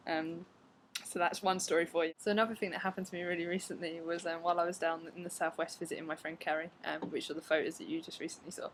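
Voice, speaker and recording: A woman's voice: lowish voice, flat delivery, quick pace, background noise. Chatty young woman vlogging at home. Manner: chatty, frequent fillers, acts out her reactions. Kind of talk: casual storytelling to camera. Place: at home, indoors.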